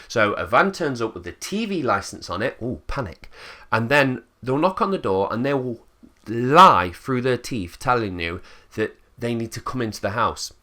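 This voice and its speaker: A man's voice: mid-range voice, animated, moderate pace, sharp tone. Blunt, sweary English man ranting. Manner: blunt and sweary, acts out quotes in put-on voices. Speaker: channel host. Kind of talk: casual ranting monologue.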